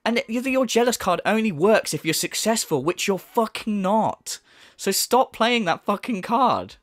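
A man's voice: high voice, big pitch swings, a little slow, a bit bright, dry recording, clean studio sound. A man giving angry reaction commentary, ranting with sarcasm and heavy swearing. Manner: heated, profane, sarcastic ranting. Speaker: YouTube commentator.

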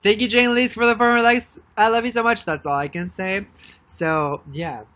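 A young woman chatting casually on a live stream, rambling and excitedly thanking viewers by name. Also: mid-range voice, normal speed. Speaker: livestreamer.

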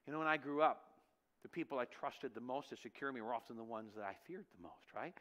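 A man's voice: medium pitch, fast. A middle-aged male pastor preaching a sermon in church, telling stories with lots of rhetorical questions. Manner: animated storytelling, rhetorical questions.

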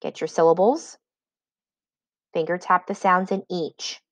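Slow, clear woman teaching spelling. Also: fairly low pitch, steady tone, a bit bright, no echo. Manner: slow, clear dictation with example sentences. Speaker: reading teacher. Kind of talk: recorded spelling lesson for children.

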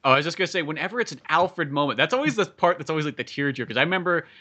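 Brief: male co-host, quick and bright, loose and profane chat. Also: a little high, lively intonation, a little hiss or hum. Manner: fast, loose, swears, many fillers. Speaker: podcast co-host. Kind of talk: casual chat.

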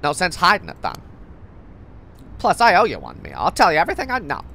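A woman's voice: fairly low pitch, huge pitch swings, fairly quick, a bit bright, slight background noise, exaggerated voice. Woman doing a tough delinquent girl. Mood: gruff. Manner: drawling, dismissive, swears.

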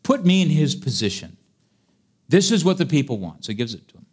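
Animated, lively-voiced male preacher. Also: on the high side, brisk, breathy edge. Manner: animated and humorous, dramatizes scripture. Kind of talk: sermon.

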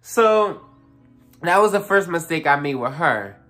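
A young adult vlogger recounting a story in a casual, animated way. The voice sits at a middle pitch and the talk is loose and profane, with plenty of fillers and asides to the viewers. Faint music runs underneath. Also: unhurried.

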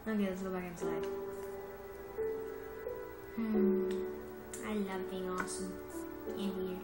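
A woman giving rambling, casual commentary on her gameplay, chatty and excitable and often correcting herself, recorded on a phone. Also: mid-range voice, a little slow, long pauses. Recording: roomy echo with music behind.

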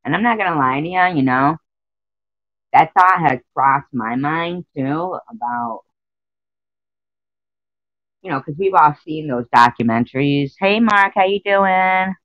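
A woman's voice: sits low, measured pace, pauses often, no room sound, lo-fi sound. A woman chatting casually on a live stream, rambling and emotional as she greets her viewers by name.

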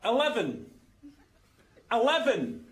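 A Scottish man stuck in a lift, getting exasperated and shouting as he repeats himself. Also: very high voice, wildly swooping pitch, slow, exaggerated voice. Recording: noisy, with audience laughter.

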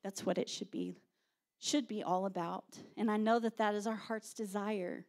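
A woman pastor, preaching a sermon with animated storytelling and shouted quotes. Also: medium pitch, normal speed.

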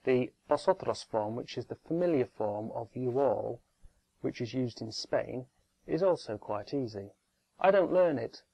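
A man narrating a scripted language tutorial in a measured, explanatory way, spelling out word forms one by one. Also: medium pitch, expressive, vocal fry, warm tone, highs cut off.

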